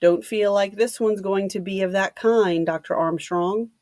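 A woman reading the lines of a blunt, gruff man, an ex-policeman, in a dry room. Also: medium pitch, unhurried, a little mellow, dry recording, close to an everyday voice.

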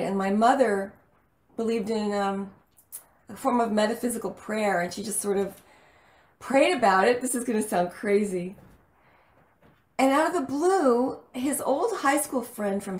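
A woman from El Paso telling stories about her childhood in a casual interview, chatty and animated. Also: mid-range voice, roomy sound. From El Paso, Texas. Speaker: actress guest.

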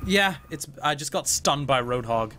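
A man's voice: mid-range voice, animated, normal speed, bright, forceful tone, a little hiss or hum. A young man chatting casually while playing a team shooter, joking around and swearing freely. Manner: joking, swears freely, sings and mimics game lines. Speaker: gaming channel host. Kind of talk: casual gameplay chat.

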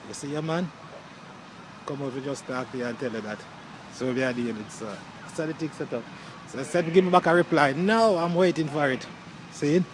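A man's voice: mid-range voice, slight background noise. Flirty Jamaican man on a phone voice note. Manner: playful, flirtatious, rambling patois. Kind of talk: casual voice note to a partner. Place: outdoors.

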